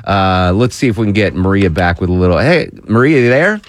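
A man's voice: sits low, lively intonation, brisk, no room sound, clean studio sound. A man from New England hosting a live radio interview, chatty and playful, often stumbling over his words. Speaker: radio host.

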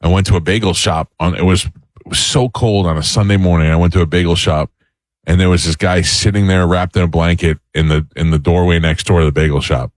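Fast-talking deep-voiced radio host. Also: male voice, no room sound. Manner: storytelling, animated, acts out quoted voices. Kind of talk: casual talk radio chat. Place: radio studio. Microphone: close studio mic.

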